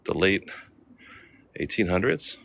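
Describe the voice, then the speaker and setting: Man, low bright voice, casual chatty vlogger greeting viewers on a phone stream. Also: sing-song, slow, creaky, slight background noise. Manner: chatty, reads names aloud, greets viewers. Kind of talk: casual livestream walk-and-talk. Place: outdoor cemetery.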